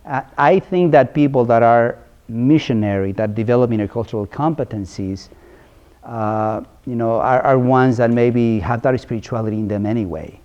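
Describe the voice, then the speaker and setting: A man speaks to a room of ministers in an earnest, conversational lecture, often restarting phrases and checking that his points land. His voice is mellow and dark, and the recording sounds dull and lo-fi. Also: mid-range voice, moderate pace, smooth. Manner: earnest, with frequent restarts and rhetorical questions.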